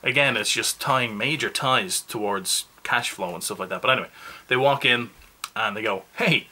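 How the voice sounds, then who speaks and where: Rambling man, bright husky voice. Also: on the low side, normal speed. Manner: rambling, self-mocking, animated asides. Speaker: movie reviewer. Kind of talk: casual rambling movie review.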